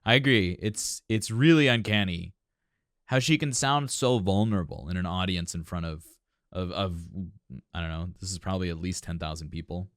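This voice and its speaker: A man's voice: deep voice, normal speed, no room sound, clean studio sound. A man working as a vocal coach, reacting to a song and explaining singing technique in an analytical, thinking-aloud way. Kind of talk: music reaction commentary.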